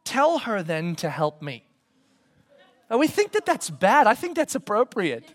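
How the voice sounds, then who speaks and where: A man giving a conversational sermon as a pastor, swinging from loud emphasis to soft whispers and asking his listeners questions. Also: high-pitched, big pitch swings, a little slow. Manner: conversational, asks the congregation questions.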